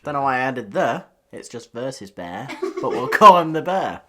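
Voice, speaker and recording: A woman's voice: rumbling low, very animated, normal speed, a crowd in the background. A woman hosting a comedy news show, reading odd stories with giggles, swearing and jokey asides.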